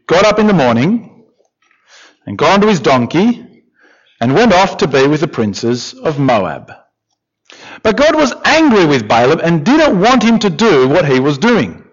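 A man preaching a sermon, expressive, with questions and repeated emphatic lines. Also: fairly high pitch. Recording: dull lo-fi recording.

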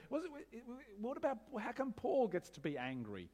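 Man, pastor, slightly high voice, very expressive delivery, rhetorical and wry. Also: a little fast, hardly any pauses. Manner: animated, rhetorical questions, wry humor. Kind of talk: sermon.

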